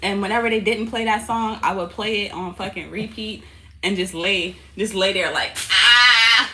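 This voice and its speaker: Woman going live from home, bright voice, kinda high, animated and cursing a lot, faint hiss behind. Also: normal speed. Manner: animated storytelling, cursing, laughing. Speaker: tarot livestream host. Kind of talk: casual livestream chat. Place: home, indoors.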